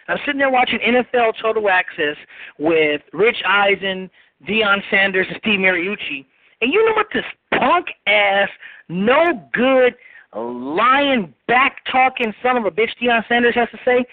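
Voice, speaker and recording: A man's voice: high-pitched, animated, normal speed, no room sound. A male caller ranting indignantly and with lots of swearing in a voicemail. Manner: indignant, profane rant. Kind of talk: angry fan voicemail. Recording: tinny phone line.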